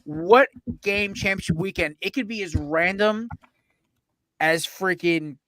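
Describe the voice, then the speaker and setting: Excitable bright-voiced man hosting. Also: high voice, a little slow, dry recording. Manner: excitable, profane storyteller with frequent asides. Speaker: podcast host. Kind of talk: casual sports podcast chat.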